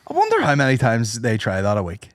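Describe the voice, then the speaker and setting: A man's voice: medium pitch, huge pitch swings, fast talker. A man hosting a podcast, chatting casually and laughing a lot as he riffs jokes. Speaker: podcast host. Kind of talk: casual chat.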